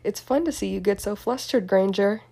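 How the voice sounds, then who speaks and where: A woman's voice: mid-range voice, normal speed, vocal fry, warm tone. A woman reading a story aloud and voicing a smug, teasing young male wizard with a smirking delivery. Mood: drunk, teasing.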